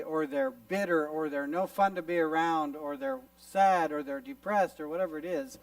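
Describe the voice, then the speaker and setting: A man's voice: on the high side, gravelly, no echo, far from the mic, rough recording. A man preaching to a youth gathering at a camp, illustrating his points and acting out little scenes as he goes. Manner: animated storyteller who acts out little scenes. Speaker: youth conference speaker. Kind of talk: youth sermon with visual illustrations. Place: camp meeting hall.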